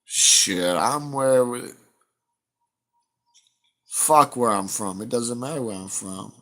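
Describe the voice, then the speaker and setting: A man's voice: mid-range voice, takes it slowly, pauses often, a bit bright. A man, chatting casually to viewers on his livestream, blunt and profane as he rambles through stories. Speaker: livestream host.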